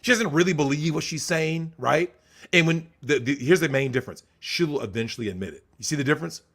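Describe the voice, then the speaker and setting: A man's voice: fairly high pitch, a little fast, a bit bright, husky. A man guest on a podcast, talking in an emphatic, opinionated way and checking agreement with frequent rhetorical questions. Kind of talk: casual podcast chat.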